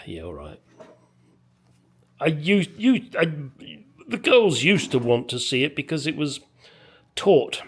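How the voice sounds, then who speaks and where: A man talks slowly and loosely while working on a car in his garage. He rambles between tasks and tosses in crude, profane jokes in a relaxed way. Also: on the high side, husky. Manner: rambling, crude joking, swears freely. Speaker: car restoration vlogger. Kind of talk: casual workshop chat. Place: home garage.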